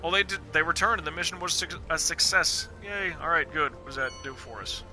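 A slightly high, fairly quick voice with a sharp tone carries this live game stream. Over game music, he delivers casual let's play commentary, joking and swearing as he thinks aloud.

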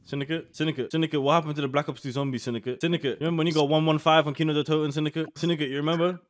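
A man's voice: fairly high pitch, steady tone, rapid-fire, dry recording, studio quality. A young man streaming a video chat, chatting casually in a mocking, provocative way and swearing a lot.

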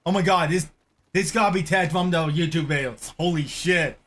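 A man hosting a reaction video, loud and exclamatory, swearing often. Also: fairly high pitch, normal speed, heavy background noise. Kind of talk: excitable reaction commentary.

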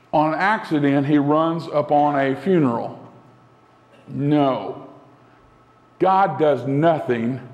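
Man preaching, gravelly, in a reverberant hall. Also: on the high side. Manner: earnest, slows down for emphasis, drops to a soft voice. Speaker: pastor. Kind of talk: sermon.

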